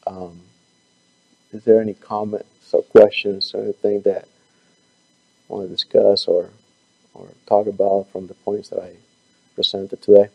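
A man leading a Bible class and closing it with a prayer. He is losing his voice and talks in a halting way, often stumbling over his words. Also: fairly low pitch, little pitch movement, gravelly, husky, lo-fi sound.

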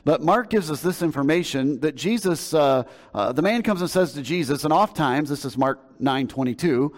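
A man's voice: a little high, animated, moderate pace. A male pastor delivering a sermon, retelling a scripture story with emphasis in a conversational preaching manner. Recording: long hall reverb.

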